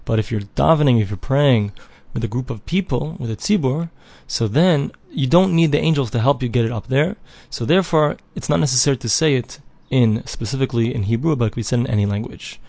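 A man's voice: mid-range voice, brisk, gravelly, hardly any pauses, a little mellow, no room sound. A man giving a Talmud lesson, reading each phrase of the text aloud and then translating and explaining it in plain English. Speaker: Talmud teacher. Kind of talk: daily page Talmud lesson.

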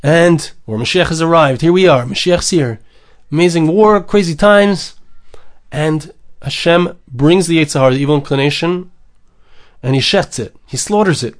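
A man's voice: fairly high pitch, normal speed. A man giving a Torah lecture, mixing in Hebrew and Aramaic phrases and repeating words for emphasis. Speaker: rabbi teaching Torah.

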